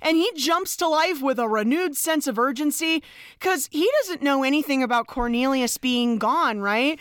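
A woman's voice: high-pitched, normal speed, a bit bright, no room sound, clean studio sound. A young adult woman recapping a film in casual podcast chat, storytelling and teasing, laughing often. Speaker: podcast co-host.

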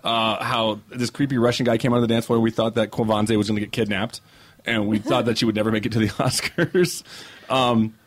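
A man's voice: on the low side, steady tone, a little fast. A young man on a podcast, telling a long anecdote in casual chat, swearing freely and acting out what people said. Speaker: podcast co-host.

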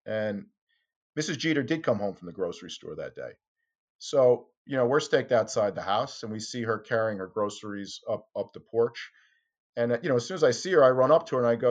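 A man's voice: brisk, husky, dull audio. A man telling an anecdote in an interview, acting out quoted lines with big jumps in his voice. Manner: animated, acts out quotes with sharp jumps in pitch. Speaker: interview guest, former tabloid reporter. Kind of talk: conversational storytelling.

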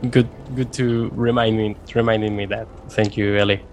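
A man's voice: on the low side, level tone, moderate pace, slight background noise. A man playing in a tabletop game, describing his moves in a hesitant way and often repeating words. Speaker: player.

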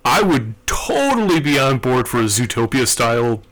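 A man's voice: medium pitch, very animated, moderate pace, fairly bright tone. A man co-hosting a podcast, talking through his thoughts earnestly in casual chat. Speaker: podcast co-host.

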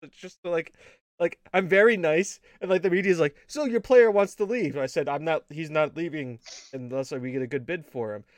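A man's voice: on the high side, brisk, dry recording. A man co-hosting a casual gaming show, telling rambling stories full of swearing and laughter. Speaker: podcast co-host.

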